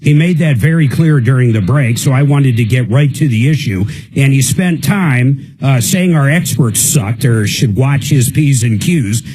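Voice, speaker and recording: A man's voice: medium pitch, animated, a little slow, few pauses, dark tone, slightly rough, low-quality recording. A male radio host on a live consumer call-in show, talking in a fired-up, indignant rant. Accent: American.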